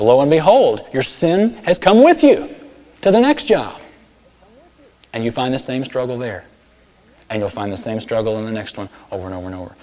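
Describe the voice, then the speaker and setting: A man preaching a sermon, telling stories and acting out characters with sudden loud, high outbursts. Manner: storytelling, acts out voices with big swings in pitch and volume. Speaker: pastor. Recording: long hall reverb.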